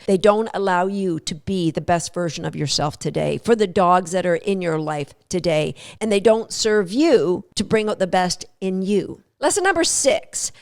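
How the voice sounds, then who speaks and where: A woman's voice: mid-range voice, creaky, a little mellow. A middle-aged woman hosting a dog training podcast, telling a personal story to her listeners in an earnest, emphatic way. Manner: earnest, emphatic, repeats words for stress.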